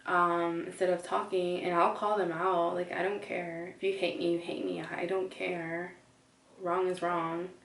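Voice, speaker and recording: A woman's voice: lowish voice, flat delivery, a little slow, creaky, fairly bright tone, roomy sound, distant mic. A woman vlogger ranting casually to camera, chatty and blunt, filling her talk with "like". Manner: chatty, heavy use of "like", blunt and indignant.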